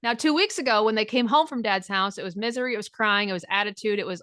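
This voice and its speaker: A woman's voice: medium pitch, a little fast, hardly any pauses, sharp tone, dry recording, studio quality. A middle-aged woman speaking as a divorce recovery coach, blunt and frank, swearing freely and acting out quoted dialogue. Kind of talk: direct coaching talk.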